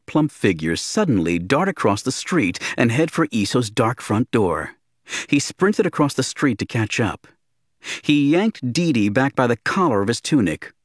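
A man's voice: mid-range voice, no room sound, studio quality. A man narrating an audiobook, telling the story steadily and shifting his voice for characters.

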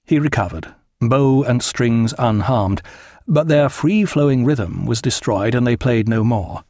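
Guy narrating a novel audiobook, expressive, dry close mic. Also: medium pitch, a little slow, dry recording.

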